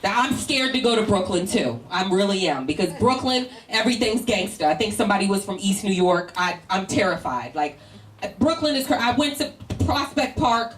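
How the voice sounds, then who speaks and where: A woman's voice: medium pitch, lively intonation, normal speed. A woman from Northern Virginia doing stand-up comedy, teasing audience members in a brash, laughing way. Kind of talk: stand-up crowd work. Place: comedy show in a tent with a live audience. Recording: roomy live sound from a distant mic, crowd noise.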